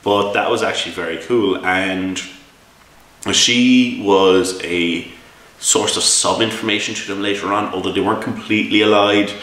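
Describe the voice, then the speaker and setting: Irish man, low voice with a bright edge, rambling game review, echoey room, distant mic. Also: steady tone, moderate pace. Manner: rambling, exasperated storytelling with many restarts. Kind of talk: casual spoken review.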